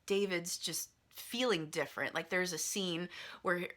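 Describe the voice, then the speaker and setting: A woman's voice: lowish voice, measured pace, fairly bright tone. A woman casually retelling a movie's plot in a chatty, filler-heavy way, like talking to friends. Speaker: vlogger reviewing a movie.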